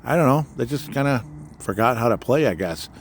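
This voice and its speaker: A man's voice: medium pitch, animated, a little fast. A man from Minnesota hosting a solo sports podcast, rambling and sarcastic with lots of fillers, recorded outdoors by a fire pit at night. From Minnesota, USA. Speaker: podcast host. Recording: faint outdoor background noise.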